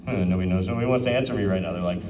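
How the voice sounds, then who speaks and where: At an art auction, a man with a lowish voice gives a chatty, casual talk at a racing pace, asking the audience questions and acting out quotes. He's recorded from a distance, so the room sounds roomy and off-mic, with a noisy background.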